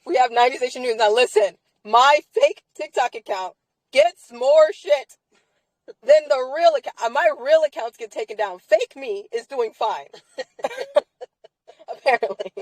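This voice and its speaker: A tired woman talks straight into her stream mic, her voice sitting a bit high. She is blunt and repetitive, swearing as she drives her point home. The sound is dry and close. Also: expressive, measured pace, dry recording, rough recording. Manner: emphatic, repetitive, profane. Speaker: live-stream co-host. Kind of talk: casual live-stream chat.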